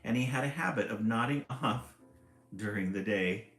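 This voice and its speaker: Live-streaming a children's book read-aloud, a man with a fairly low, slightly bright voice reads at normal speed, chuckling often and chatting about the pictures. The room is echoey with faint ambience.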